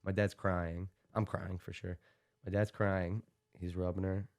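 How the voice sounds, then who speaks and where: A man's voice: sits low, level tone, a little slow, a little mellow. Young man telling a rambling story. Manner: rambling, laughs through his story, many fillers. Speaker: podcast guest. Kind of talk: casual storytelling.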